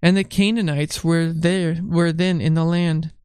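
A middle-aged man, a father, leading a morning devotion at home, gently coaxing a small child and reading scripture aloud. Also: fairly high pitch, level tone, measured pace, clear, resonant tone, dry recording, clean studio sound. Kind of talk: casual devotional chat with Bible reading.

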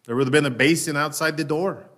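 Man, sermon, slightly higher voice, conversational preaching, slows down for emphasis. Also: fairly bright tone. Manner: raises his voice when acting out Peter's lines. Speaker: pastor.

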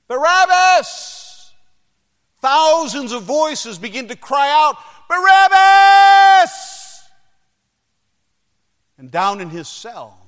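A man preaching a sermon, telling the story dramatically, swinging between loud cries and hushed passages. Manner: dramatic storytelling with sudden shouted crowd cries and hushed lows. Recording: long reverb of a large hall.

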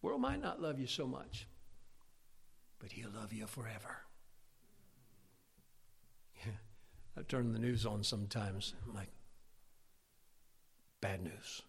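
A middle-aged man preaching a sermon, lively and animated, climbing to near-shouts and acting out his listeners' objections. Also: fairly low pitch, slow pace, vocal fry, pauses often, husky. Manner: animated, rising to near-shouts when stirred up; acts out imagined listeners' objections.

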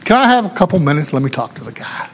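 A pastor with a voice high for a man preaches a sermon in a folksy storytelling style, taking on the voices of the people in his tale. He is very animated, talks fast with a breathy edge, and his words ring with the long reverb of a church hall.

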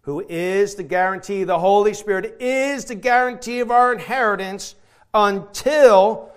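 Preacher, male, high voice, fervent sermon delivery with big dynamic swings. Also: unhurried, clean tone. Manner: emphatic, swings from quiet to shouting.

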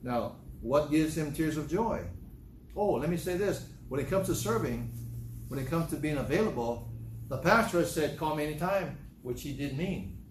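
Pastor, male, emotional sermon with repeated phrases and raised outbursts, slightly high voice, echoey church room. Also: lively intonation, normal speed, a little hiss or hum.

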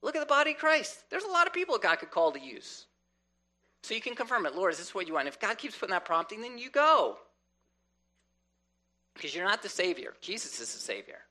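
A man delivers a sermon with a lively, swooping delivery, his voice bright and ringing. He often slips into the voices of people praying to God, then returns to teaching. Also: high-pitched, fairly quick, pauses often. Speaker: preacher.

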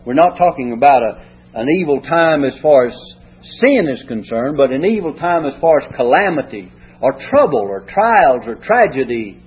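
In a sermon, a man reads scripture and then explains it in folksy, homespun language, retelling stories in plain words. His mid-range voice is very animated with a breathy edge, moving at normal speed. The recording sounds dull and lo-fi.

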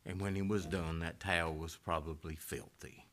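A man preaching a sermon, swinging from loud rising exhortation down to hushed near-whispers. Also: low-pitched, fairly even intonation, moderate pace.

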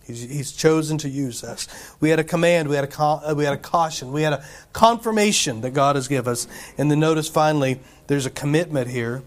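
Preaching a sermon in church, this male pastor has a voice slightly higher than most men's and moves fairly quickly. His style is conversational, tossing rhetorical questions and asides to the congregation while stumbling through restarts and filler words.

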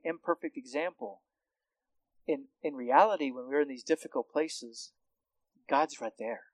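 A man preaching a sermon, moving from low, quiet explanation to loud, impassioned calls. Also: dry recording, low-quality recording. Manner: swings from quiet to loud, impassioned when calling out. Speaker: pastor.

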